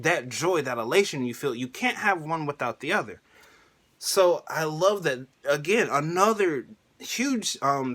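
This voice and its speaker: Excitable man ranting about anime. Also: fairly high pitch. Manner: excitable, laughs often, uses slang. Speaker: anime reviewer vlogger. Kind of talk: casual rant.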